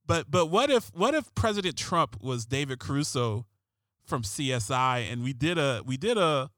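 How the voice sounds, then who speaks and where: A man's voice: mid-range voice, sing-song, normal speed, fairly bright tone, no room sound. Sarcastic man ranting in a dry monologue. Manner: sarcastic, rambling, many restarts. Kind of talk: comedic political monologue.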